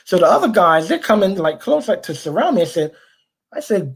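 A man from Brooklyn, New York, appears as a podcast guest, telling a story in conversation and animatedly acting out the people he quotes. His voice is high, husky and a little fast.

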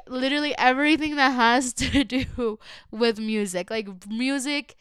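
Chatting solo on her own podcast, a young woman sounds casual, emotional and earnest, dropping plenty of "like" and drifting into phrases. Her voice is high, a little slow and a bit bright, clear and resonant, recorded in a clean studio with no room sound.

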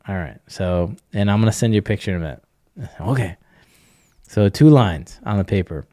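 In this rich podcast chat, a middle-aged man explains things in an animated, chatty way, acting out little bits of dialogue. His voice sits on the low side, and the sound is close and dry. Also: brisk, dry recording. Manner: animated, acts out dialogue, chuckles often. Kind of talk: casual podcast conversation.

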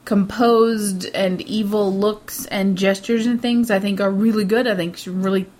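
A woman's voice: medium pitch, fairly even intonation, a little mellow. Giggly woman co-hosting a film chat. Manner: giggly, teasing, quick to question. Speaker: film review podcast co-host. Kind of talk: casual chat.

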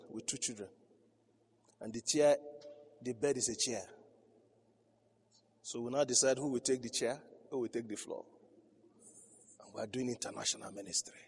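A man's voice: mid-range voice, slight background noise. A man preaching a sermon as a pastor, telling stories with frequent laughter and building to emphatic peaks. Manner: storytelling, laughing often, rising to emphatic crescendos. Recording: reverberant hall.

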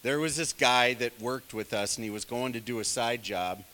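A man's voice: medium pitch, moderate pace, sharp tone, big-room sound. A man leading a casual Bible study, talking in a rambling, digressive and self-deprecating way, full of conversational asides. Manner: many fillers, conversational asides. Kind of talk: casual teaching sermon.

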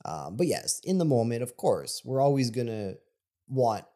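A man co-hosting a casual podcast, speaking in a calm, measured, agreeable way. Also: medium pitch. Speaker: podcast co-host.

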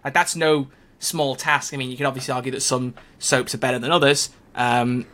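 A man's voice: medium pitch, steady tone, brisk, sharp tone. A man co-hosting a fan podcast, chatting in an opinionated, jokey way. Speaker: podcast co-host. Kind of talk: casual chat.

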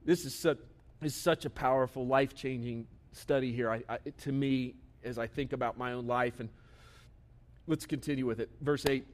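A man's voice: medium pitch, fairly even intonation, normal speed, slight background noise. A man in his thirties preaching a sermon as a pastor, talking conversationally and asking many rhetorical questions.

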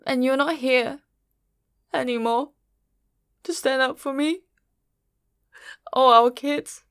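A middle-aged woman narrating a first-person story in a quiet, measured, grieving way. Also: high voice, clear, resonant tone, no echo, studio quality.

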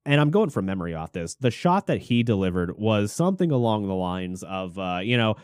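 A man hosting a podcast, casually riffing on current news with jokes and swearing, trailing off into mumbles between louder bursts. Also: on the low side, very animated, brisk, clean tone, dry recording, studio quality. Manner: jokey, irreverent, swears freely. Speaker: podcast host.

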